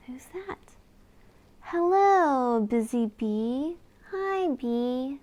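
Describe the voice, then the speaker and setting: A woman reading a picture book aloud to young children in a gentle, sing-song way, with little gasps and questions to the listener. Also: sits high, lively intonation, drawn-out words.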